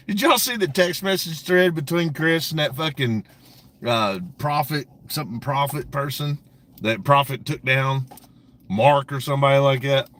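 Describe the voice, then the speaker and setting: A man with a somewhat high voice hosts a casual livestream rant, speaking straight to his chat. He is brash, profane and mocking, and he laughs often as he talks. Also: measured pace, a bit bright. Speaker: livestream host.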